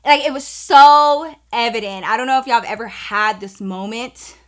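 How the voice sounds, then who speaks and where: A woman's voice: fairly high pitch, moderate pace. A young woman telling a personal story to her viewers in a candid, profane, chatty way. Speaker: storytime vlogger. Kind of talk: casual storytelling.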